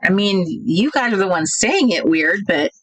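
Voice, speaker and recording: A woman's voice: medium pitch, lively intonation, moderate pace, dry recording, rough recording. Chatty woman host, dry sound. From United States. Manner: chatty, thinks out loud, reads viewer comments. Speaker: craft livestream host. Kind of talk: casual livestream chat.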